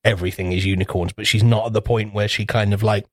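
A man's voice: lowish voice, fairly even intonation, fast talker, no room sound, clean studio sound. A man co-hosting a casual podcast chat, swearing freely and acting out kids' voices in rambling stories. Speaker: podcast co-host.

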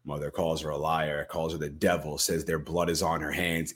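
A man's voice: rumbling low, normal speed, hardly any pauses. A man co-hosting a podcast, retelling a film scene by scene and acting out the quoted lines with energy. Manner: animated storyteller, acts out quoted lines. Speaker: podcast co-host.

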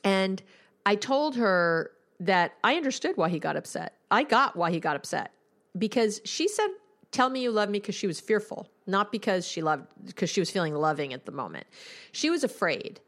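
A woman's voice: medium pitch, big pitch swings, normal speed, fairly bright tone. A woman, a couples therapist, hosting an advice podcast in a candid, conversational and emphatic way.

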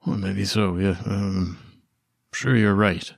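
A man's voice: sits low, little pitch movement, vocal fry, no echo, clean studio sound, full character voice. A man voicing a polite, deferential male estate servant in a tabletop game. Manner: courteous, deferential, unhurried.

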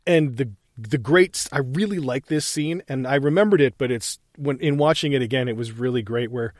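A man's voice: mid-range voice, brisk, dry recording, clean studio sound. A man chatting casually as a podcast co-host, retelling film scenes and quoting lines. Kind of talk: casual chat.

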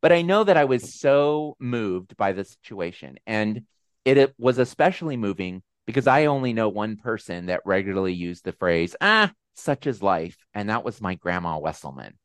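A man hosting a video call with supporters, telling a personal story in a casual, animated, self-deprecating way. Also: fairly low pitch, normal speed, smooth, no echo, studio quality. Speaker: host. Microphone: video call mic.

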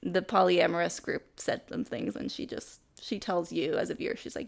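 Woman podcast co-host, casual chat, gravelly voice, animated, mid pitch. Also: normal speed, few pauses. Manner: animated, laughing, acts out quoted lines.

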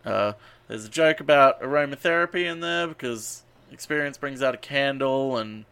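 A man's voice: mid-range voice, moderate pace, gravelly, a bit bright, clear, resonant tone, no echo. A man on a podcast casually recapping a movie, swearing and rambling with lots of ums and uhs. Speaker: podcast host.

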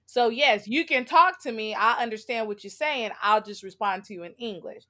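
A woman's voice: on the high side, normal speed, bright, forceful tone. A woman in a casual chat with friends, teasing and laughing. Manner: laughing, teasing, draws out words.

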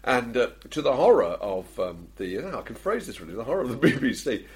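A man's voice: medium pitch, very animated, fast talker. A man who broadcasts for a living tells a comic anecdote on a chat show. He laughs often and acts out the lines of the people in his story.

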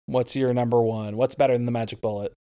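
A man co-hosting a podcast in casual chat, measured and agreeable, hedging his opinions. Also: medium pitch, steady tone, mellow. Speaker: podcast co-host.

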